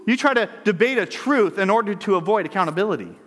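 A man with a high voice delivers a sermon, moving between scripture reading and chatty, question-filled commentary. His voice rings out with a long reverb tail from a big hall. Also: expressive, fast, a bit bright. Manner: conversational preaching with rhetorical questions; reads scripture aloud then riffs on it. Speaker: pastor.

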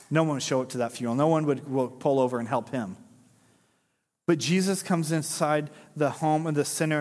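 A high-pitched man gives a sermon in an animated, chatty way, tossing in jokes and little acted-out voices. His voice rings out with a long reverb, as in a big church hall. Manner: animated, conversational preaching with jokes and acted-out quotes. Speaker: pastor.

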